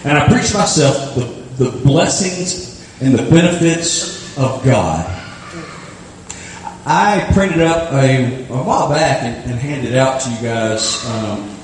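A middle-aged male pastor preaching a storytelling sermon, animated and self-deprecating, acting out his own self-talk. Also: mid-range voice, takes it slowly, slight background noise. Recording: echoey hall, mic far from speaker.

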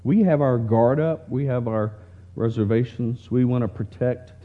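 A man's voice: medium pitch, steady tone, moderate pace. A man preaching, reading a heartfelt story aloud in a tender, earnest way, recorded in dull lo-fi sound.

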